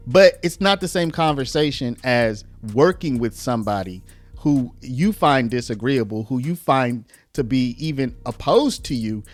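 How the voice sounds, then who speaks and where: A man's voice: fairly high pitch, no echo. A man giving argumentative commentary on played clips, explaining step by step with rhetorical asides.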